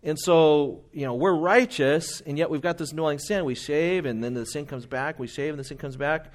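A man's voice: a little high, normal speed. A man preaching a sermon in an earnest, conversational way, often quoting hymns and older writers. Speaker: pastor.

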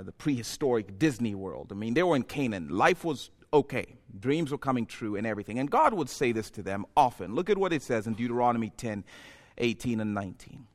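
A man preaching a sermon in a church, building from quiet, reflective passages to impassioned, near-shouted peaks. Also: medium pitch. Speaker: pastor.

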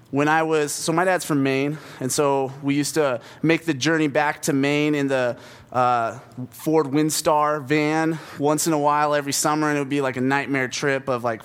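A man's voice: mid-range voice, clear, resonant tone. A young man preaching, opening his sermon with a casual, humorous, self-deprecating personal story.

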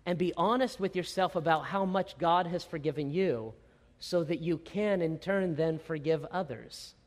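A man's voice: fairly high pitch, moderate pace, in a large hall. A middle-aged man pastor delivering a sermon with self-deprecating humor and acted-out asides.

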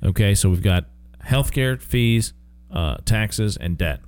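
A man's voice: fairly low pitch, lively intonation, slow pace, a little mellow. A man co-hosting a financial radio talk show, chatty and emphatic, often restarting his sentences.

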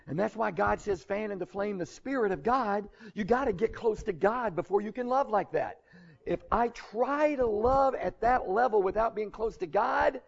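A man's voice: sits high, vocal fry, slightly rough, lo-fi sound. A man preaching a sermon as pastor, earnest and conversational, building emphasis as he goes.

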